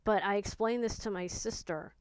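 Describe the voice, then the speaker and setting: Woman, candid personal vlog talk, earnest and self-reflective, smooth clear voice, dry close sound. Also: mid-range voice, normal speed, no echo, poor audio. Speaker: vlogger.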